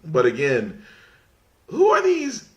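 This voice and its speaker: A man talks through a casual podcast rant, his pitch rising and falling widely. He rambles, restarts sentences and keeps holding back laughter as he mocks what he is discussing. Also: wildly swooping pitch, slow, lo-fi sound. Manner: mocking, fights off laughter. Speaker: podcast host.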